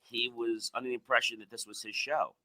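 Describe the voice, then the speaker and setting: A man hosting a podcast, talking casually and telling animated stories, mimicking other people's voices. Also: mid-range voice, brisk, rough recording. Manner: animated storyteller, acts out quoted voices. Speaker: podcast host.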